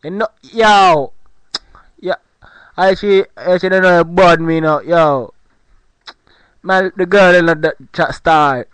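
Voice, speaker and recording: A man putting on an imitation Jamaican accent, playing a boastful young man who brags in slow patois-style talk for comedy. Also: on the high side, clean tone, no room sound.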